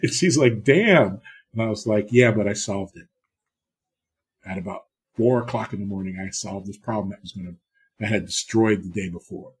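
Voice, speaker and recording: A man's voice: on the low side, fairly even intonation, fairly quick. A middle-aged TV producer from the US East Coast, telling blunt, profane stories in a casual interview and acting out the exchanges he quotes.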